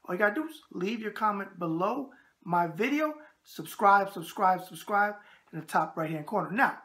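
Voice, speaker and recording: A man's voice: sits high, animated, moderate pace, a bit bright. A man with a New York accent hosting a casual boxing video show, chatty and emphatic, full of tough-guy catchphrases. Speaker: host.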